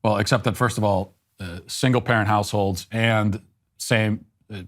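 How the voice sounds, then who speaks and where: A man in his thirties giving political commentary in a dismissive tone, with halting repeats, while reading a petition aloud. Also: lowish voice, steady tone, fairly bright tone. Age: 30s.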